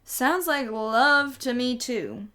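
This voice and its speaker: A woman's voice: high voice, takes it slowly, bright, forceful tone, heavily acted. Woman doing a sarcastic preteen boy. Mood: wisecracking. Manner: sarcastic, offhand.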